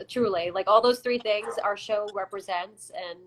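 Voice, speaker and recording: A woman, a Broadway performer, chatting as a guest in a live-stream interview over a video call, animated and quick to laugh. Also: mid-range voice, noisy background.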